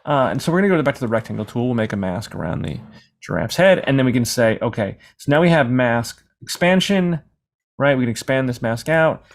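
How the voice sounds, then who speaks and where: A man teaching a screen-recorded software lesson in a casual, rambling way, sometimes acting out questions from imagined viewers. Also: mid-range voice, lively intonation, fast talker, creaky. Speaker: software tutorial instructor.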